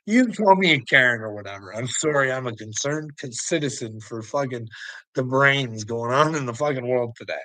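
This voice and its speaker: A man's voice: medium pitch, animated, a little fast, sharp tone, no room sound, poor audio. A man ranting into the camera in a heated, profane monologue, breaking into laughs between lines. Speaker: vlogger.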